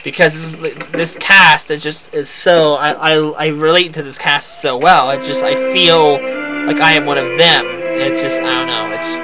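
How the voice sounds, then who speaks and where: A man's voice: on the high side, steady tone, brisk. A tired man rambling through casual commentary on a farming game he is playing. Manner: rambling, self-deprecating, many restarts. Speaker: let's play host. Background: loud game music.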